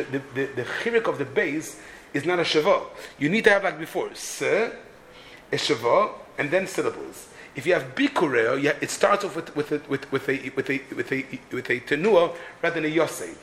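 Male Torah teacher, halting, repeats himself, slightly high voice. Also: lively intonation, a bit bright, slight background noise. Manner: halting, many restarts and repeated words. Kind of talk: explaining a Hebrew poem's meter.

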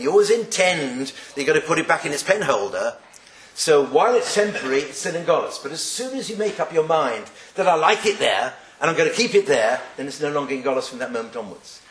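A man's voice: on the high side, fairly bright tone, slight background noise. A man teaching a class on Jewish texts, joking and putting rhetorical questions to his students. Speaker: Torah teacher. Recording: echoey room.

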